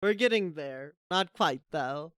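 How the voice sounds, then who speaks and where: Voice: mid-range voice, animated, a little slow, a bit bright, clean tone, dry recording, studio quality. A streamer thinking aloud during a live game, rambling and self-mocking between lines. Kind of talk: live game commentary and reading.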